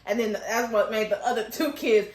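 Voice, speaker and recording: A young woman recapping and reviewing a TV episode in a chatty, animated way, acting out the characters' lines with laughter. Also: a little high, moderate pace. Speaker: TV show reviewer. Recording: echoey room.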